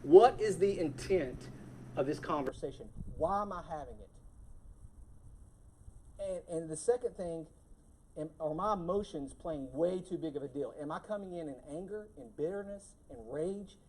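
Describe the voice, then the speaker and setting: Lively preacher giving a sermon. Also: medium pitch, moderate pace, a little hiss or hum, low-quality recording. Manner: lively, acts out scolding voices and laughs. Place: church.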